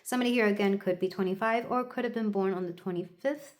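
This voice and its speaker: A woman's voice: mid-range voice, fast talker, background noise. A woman doing a solo tarot reading, talking in a loose, musing, chatty way. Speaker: tarot reader.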